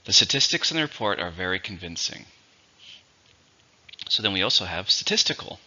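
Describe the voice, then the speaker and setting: A man teaching English vocabulary, dictating words slowly and clearly, with a patient teacher's manner. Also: low-pitched, big pitch swings, sharp tone. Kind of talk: vocabulary lesson. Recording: dull lo-fi recording.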